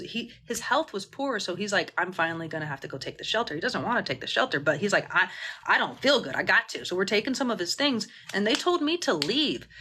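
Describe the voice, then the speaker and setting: A woman's voice: a little high, pushed and bright. A woman mutual aid organizer on a phone livestream, talking passionately and indignantly, swearing freely and rambling with restarts. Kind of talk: livestream Q&A rant.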